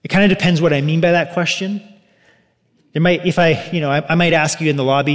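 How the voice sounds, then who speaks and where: A man preaching a sermon as pastor, animated, acting out quoted voices. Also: high-pitched, quick pace. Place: church sanctuary. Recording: long hall reverb.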